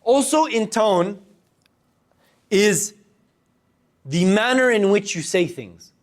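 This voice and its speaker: A young man with a fairly high voice teaches a public speaking workshop to a group of students in a room with a live audience. Animated throughout, he demonstrates by shifting between loud and soft, varying his pace, and drawing out pauses for effect.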